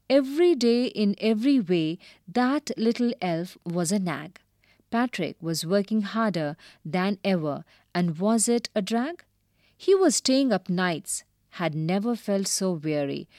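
A woman teacher reading a storybook aloud and explaining new words slowly and carefully. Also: medium pitch, dry recording, studio quality. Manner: slow, careful and expressive.

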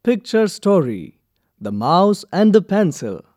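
Woman narrating a kids' textbook, mellow, varied pitch. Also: very animated, no echo, clean studio sound. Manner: careful, slow, instructional. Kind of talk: scripted children's textbook narration.

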